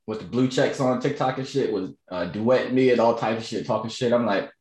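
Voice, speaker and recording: A man's voice: medium pitch, brisk, a little mellow, echoey room. A man in his thirties chatting casually as co-host, blunt and brash, swearing freely. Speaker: podcast co-host. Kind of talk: casual chat.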